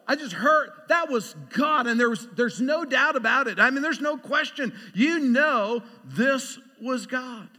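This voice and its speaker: A man's voice: extremely high pitch, animated, normal speed, hardly any pauses, sharp tone, long reverb tail. A man preaching a sermon, talking through prayer and scripture and building to emphatic call-and-response.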